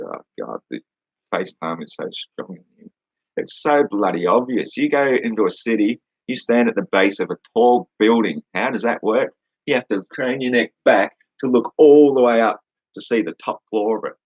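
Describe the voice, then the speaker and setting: A husky, slightly low-voiced Australian man rants back at his critics, blunt and sweary, mocking them as he goes. The recording is dull and lo-fi, with a dry, close sound. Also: animated, normal speed, no room sound. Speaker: vlogger answering comments. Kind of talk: combative ranting monologue.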